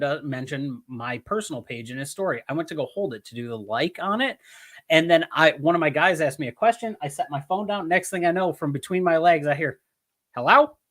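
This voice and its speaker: A man from Michigan co-hosting a wrestling podcast in casual chat, rambling and swearing as he tells stories. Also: a little high. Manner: rambling, swearing, animated storytelling. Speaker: podcast co-host.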